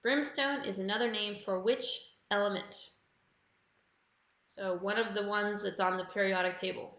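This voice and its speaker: An Australian woman runs a live trivia night online, reading out questions slowly and saying each clue twice. Her voice is bright and clear, and it rings in a roomy, echoey space. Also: mid-range voice, steady tone. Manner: reads clues slowly and repeats them. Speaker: quiz host. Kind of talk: live online pub quiz hosting.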